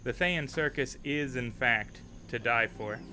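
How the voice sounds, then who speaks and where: A man narrating a tabletop game as game master, relaxed and chatty with frequent fillers. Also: mid-range voice, a little slow, a little hiss or hum.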